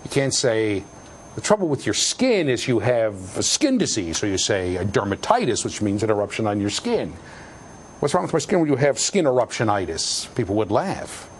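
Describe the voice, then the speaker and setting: Animated, jokey male lecturer. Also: fairly low pitch, normal speed, a little hiss or hum. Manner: animated, jokey, shouts for emphasis. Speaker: university lecturer. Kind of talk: classroom lecture. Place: lecture hall with students.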